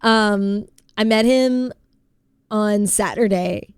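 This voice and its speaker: A woman streams from home with a stuffy head cold and chats casually with her viewers. She giggles often and reads their messages aloud. Her voice sits at a middling pitch on a dry, close mic. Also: drawn-out words, clear, resonant tone, no echo. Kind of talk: casual chat with chat.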